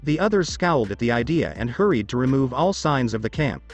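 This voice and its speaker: A man narrating fan fiction in an expressive storytelling read. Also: medium pitch, fairly quick, soft background music.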